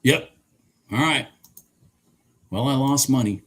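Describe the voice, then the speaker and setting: A man's voice: fairly low pitch, expressive, measured pace, husky. A man giving live trading commentary on a stream, exasperated, swearing and talking straight at the chart. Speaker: livestream day trader.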